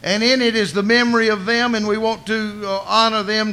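Bright-voiced folksy male preacher. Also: high voice, little pitch movement, a little fast. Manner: folksy storytelling, colloquial asides. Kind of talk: sermon.

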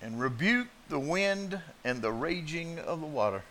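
A man preaching a sermon in a dramatic way, moving from hushed asides to loud declarations. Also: fairly high pitch, lively intonation, a little slow, a little hiss or hum.

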